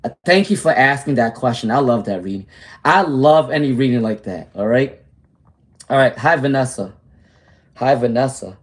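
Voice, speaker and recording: A man's voice: mid-range voice, animated, moderate pace. A man doing a casual livestream tarot reading, talking in a slangy, candid way, greeting viewers by name and repeating his phrases. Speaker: tarot reader.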